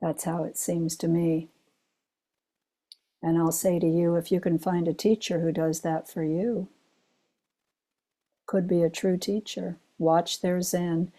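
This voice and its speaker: Speaking in a fairly low, level tone, a retired chaplain, an older woman, offers a Zen dharma talk. She takes her time over personal anecdotes, punctuated by soft laughter.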